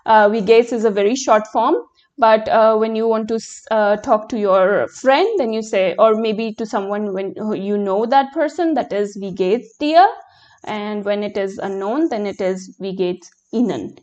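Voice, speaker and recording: A young woman whose first language is Hindi teaches a live German lesson in English, answering the chat slowly and patiently with many fillers. Her voice is medium-pitched and a little mellow, and the recording sounds muffled.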